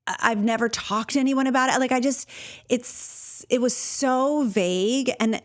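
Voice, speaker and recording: A woman's voice: on the high side, a little slow. A woman hosting a solo podcast about ADHD, talking in a casual, earnest and personal way, with fillers and restarts. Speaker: podcast host and ADHD coach.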